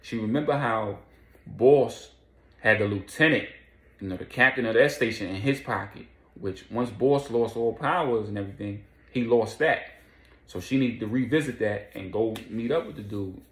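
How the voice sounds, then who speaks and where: A man casually recapping a crime storyline in loose street slang, now and then voicing quoted lines in quick bursts. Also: on the low side, a bit bright, roomy sound.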